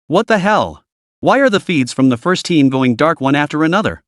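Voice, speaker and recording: A man's voice: fairly high pitch, very animated, normal speed, no room sound, studio quality. A man doing a scoffing young stream viewer. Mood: baffled.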